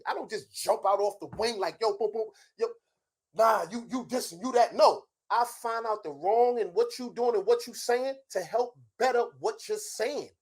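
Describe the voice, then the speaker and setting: With an extremely high pitch, a middle-aged man rants loudly during a heated argument where he's a show guest. Profanity is frequent, and his challenges come rapidly.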